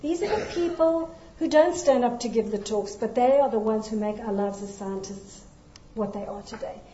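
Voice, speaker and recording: A South African woman scientist speaks to a lecture hall, her voice set a little high and mellow in tone. She is earnest and emphatic and often restarts a sentence partway through. The sound is roomy and slightly muffled, with a faint hum behind her. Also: moderate pace. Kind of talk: formal lecture to an audience.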